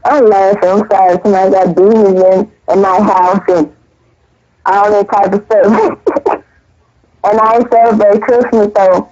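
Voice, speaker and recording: A woman's voice: mid-range voice, steady tone, unhurried, warm tone. A woman earnestly recounting her dreams in casual, rambling speech full of restarts. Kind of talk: casual spoken testimony. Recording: dull lo-fi audio.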